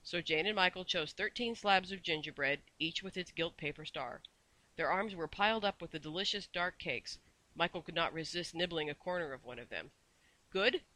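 A man narrating a children's storybook. His voice is very bright and sits a little high, and his storytelling is measured and expressive. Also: rough recording. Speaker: audiobook narrator. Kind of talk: storybook reading.

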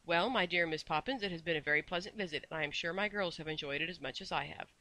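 A tiny, ancient shopkeeper woman, as a male reader puts her on, with a shrill, high little voice and a very bright, piercing edge. She turns from soft, fierce menace to sweet coaxing. A storybook character voice. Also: fast talker. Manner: flips between fierce softness and sweet coaxing. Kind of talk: storybook reading.

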